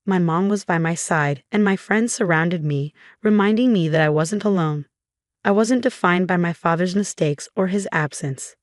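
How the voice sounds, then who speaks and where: A young woman tells a dramatic first-person story with steady, scripted delivery. Her voice sits on the low side, and the recording is dry and close, with no room sound. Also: normal speed, no room sound. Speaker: story narrator.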